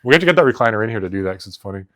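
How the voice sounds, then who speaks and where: A man's voice: fairly low pitch, animated, rapid-fire, a bit bright. A man co-hosting a podcast, telling rambling stories in casual chat, laughing often and filling gaps with "like". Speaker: podcast co-host.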